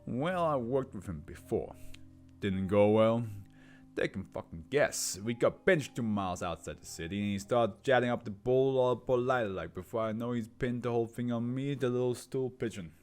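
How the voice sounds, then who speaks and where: A man voicing a bitter male gangster under interrogation, talking in rough, scornful street slang. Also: medium pitch, expressive, moderate pace, darkish tone, faint music behind, close to an everyday voice. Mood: gruff.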